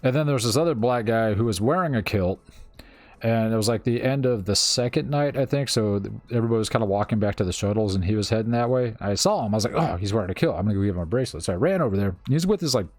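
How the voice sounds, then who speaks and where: A man's voice: mid-range voice, lively intonation, fast, a little mellow, no room sound. A man streaming a game, telling stories in a loose, profane, laid-back way and laughing often. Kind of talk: casual storytelling while gaming.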